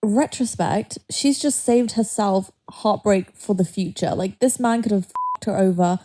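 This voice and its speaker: A woman's voice: medium pitch, a little slow, dark tone. A young woman, a guest on a podcast, in casual chat, giving blunt, emphatic advice.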